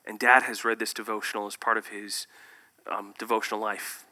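A man preaching a sermon, swinging between loud emphatic bursts and hushed, near-whispered lines. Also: fairly low pitch, level tone, brisk. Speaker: pastor.

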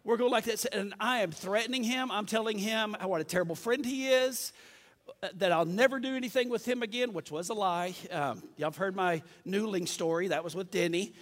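A man preaching a sermon, telling a story in a lively, self-mocking way. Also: high voice, brisk, long reverb tail.

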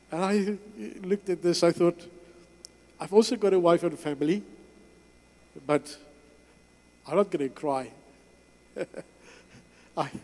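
A man's voice: fairly high pitch, a little mellow. Earnest man in a hall. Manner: earnest, halting storytelling with short phrases. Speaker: guest speaker. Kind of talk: personal testimony talk. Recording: long reverb in a hall.

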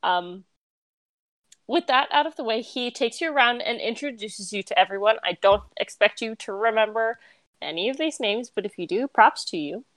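A woman running a tabletop game as game master, narrating in a lively, chatty way. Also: fairly high pitch, normal speed, dry recording. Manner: lively, chatty, with laughs and fillers.

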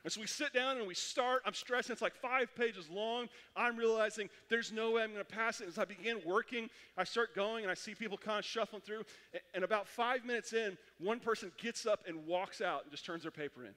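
High-voiced pastor preaching in a reverberant sanctuary. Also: male voice. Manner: animated storytelling with quick restarts. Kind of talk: sermon. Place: church sanctuary. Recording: long hall reverb.

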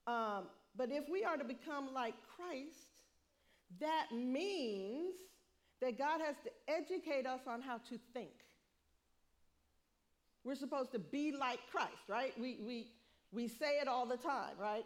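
A middle-aged woman preaching a sermon, lively, laughing often and acting out what people say. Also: high-pitched, slow pace.

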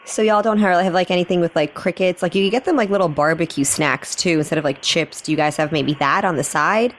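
A woman's voice: lowish voice, a little fast, slight background noise. A woman on a comedy podcast making prank phone calls, rambling and giggly with lots of "like.". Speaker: podcast guest and prank caller. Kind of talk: prank phone call banter.

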